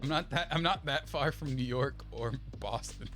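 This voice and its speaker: A man's voice: mid-range voice, moderate pace, fairly bright tone, soft background music. A young man from Massachusetts streaming a video game, rambling and swearing, with frequent restarts and repeated phrases. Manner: rambling, profane, repeats himself. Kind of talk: live gameplay commentary.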